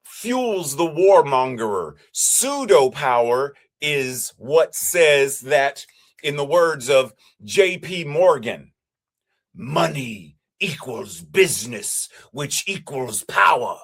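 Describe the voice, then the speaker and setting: Slow, measured male preacher. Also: on the high side. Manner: measured, repetitive preaching cadence. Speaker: minister. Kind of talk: sermon.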